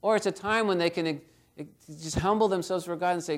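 Earnest preacher with a high male voice. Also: fairly quick. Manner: earnest, exhorting, direct questions to listeners. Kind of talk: sermon.

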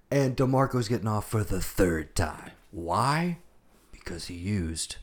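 A man co-hosting a podcast, chatting casually about an old action movie, animated and profane, acting out lines from the film. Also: medium pitch, slow pace. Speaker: podcast co-host. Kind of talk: casual movie review chat.

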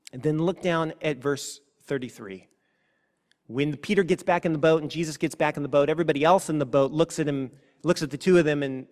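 A man preaching a sermon as a pastor, earnest, moving between hushed and forceful passages. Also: on the high side. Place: church sanctuary. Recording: long reverb of a church hall.

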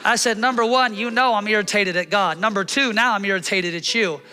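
A man in his thirties preaching a sermon, telling a personal story and acting out the scenes with animated delivery. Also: high-pitched, a little fast, clean tone, in a large hall. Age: 30s. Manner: animated, acts out his own shouting in the story. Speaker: pastor.

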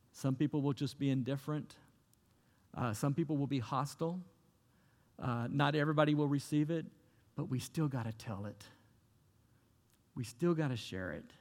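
A man preaches in an earnest, conversational way, circling back to key phrases. His mid-pitched voice has a gravelly, fried edge. A long hall reverb trails after each phrase. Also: darkish tone. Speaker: pastor. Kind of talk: sermon.

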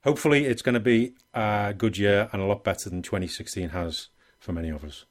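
A man's voice: fairly low pitch, fairly quick. A man with an Australian accent co-hosting a podcast, bantering playfully. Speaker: podcast co-host. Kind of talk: casual podcast chat.

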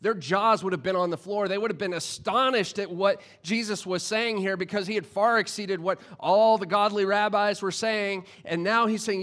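A male pastor delivering a sermon with a voice a bit higher than most men's. He talks casually and with humor, stumbling over words and restarting often as he works through his points. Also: fairly even intonation, moderate pace, hardly any pauses, a bit bright. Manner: conversational and humorous, with frequent restarts and fillers.

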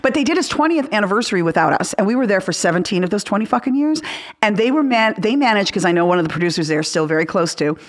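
A middle-aged woman hosting a podcast in casual chat, blunt and swearing freely as she vents through animated stories. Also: medium pitch, fast. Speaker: podcast host.

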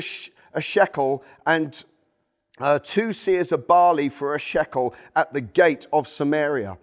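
Pastor guy giving a sunday sermon, kinda high voice, gets excited, breaks off to comment on the bible passage. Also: measured pace. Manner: animated, reads scripture aloud with asides. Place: church.

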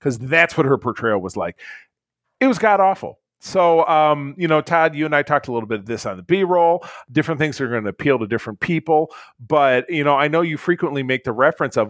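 A man's voice: mid-range voice, animated, a little fast, a bit bright, no echo. A man co-hosting a casual chat, reviewing a movie in a blunt, rambling way with lots of fillers and restarts. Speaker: podcast co-host, movie reviewer.

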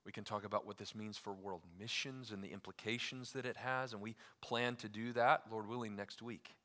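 A man preaching a sermon, swinging from loud emphasis to hushed, deliberate lines, with casual asides full of fillers. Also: fairly low pitch, fairly even intonation, in a large hall. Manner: emphatic preaching with wide swings in loudness, dropping to near-quiet for key lines. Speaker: pastor.

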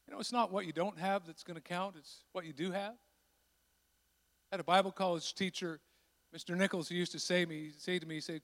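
A pastor preaching a sermon, animated, acting out the voices of the people in his story. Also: high-pitched, fairly quick. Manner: animated, acts out voices of the disciples. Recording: long hall reverb.

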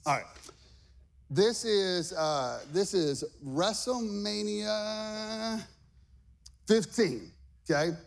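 A middle-aged man pastor preaching a lively sermon to a congregation, energetic and repeating "okay?" and "all right" often. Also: sits high, extremely slow, pauses often. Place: church stage before a congregation.

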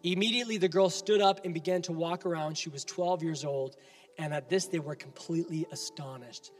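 A man's voice: fairly high pitch, fairly quick, big-room sound, faint music behind. A man preaching a sermon as pastor, emphatic and building with repeated appeals.

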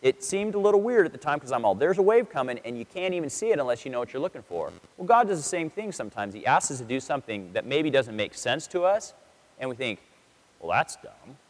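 Male pastor, mid-pitched, chatty sermon, acts out dialogue; long hall reverb. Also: very animated, fast talker. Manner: chatty storytelling, acts out quotes in voices. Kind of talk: casual sermon.

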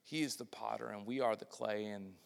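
A man preaching a sermon, moving between loud, lively passages and hushed, quiet ones, and acting out the voices he quotes. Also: on the low side, brisk, vocal fry. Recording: long hall reverb.

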